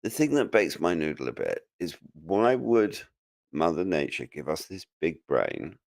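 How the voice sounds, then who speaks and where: A man's voice: extremely low pitch, big pitch swings, unhurried, gravelly, a little mellow, dry recording, clean studio sound. A man as a podcast guest in casual chat, musing aloud with many restarts. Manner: musing, stammering restarts, laughs easily.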